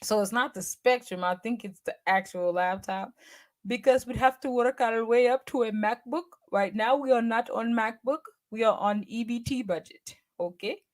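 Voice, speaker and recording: A woman's voice: on the high side, normal speed. A woman in her forties hosting a casual livestream, chatty and slangy, teasing and talking straight to her viewers. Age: 40s. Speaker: livestream host.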